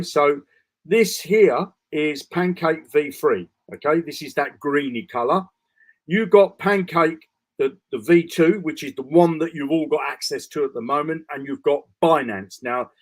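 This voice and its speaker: A man walking through a trading bot dashboard during a live screen-share broadcast, talking casually with restarts, fillers and frequent "okay?" checks. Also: fairly high pitch. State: tired, yawning. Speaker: crypto trading bot presenter.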